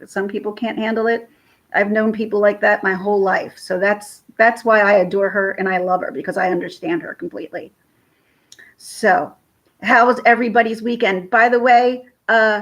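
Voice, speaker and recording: A woman's voice: medium pitch, a bit bright. A woman in her thirties, tearful and emotional, chatting casually with viewers on a live stream. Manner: tearful, emotional, thanking chat by name. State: teary from crying. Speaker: livestream host.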